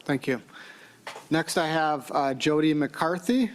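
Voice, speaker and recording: A man chairing a committee hearing, briskly calling speakers and keeping time. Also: on the high side, slight background noise. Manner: brisk, procedural. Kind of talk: procedural chairing.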